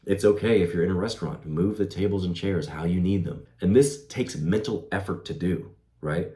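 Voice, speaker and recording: Deep-voiced young man, roomy echo. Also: normal speed, mellow. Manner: laid-back, says "bro" and "like", laughs easily. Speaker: self-improvement vlogger. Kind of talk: casual advice monologue.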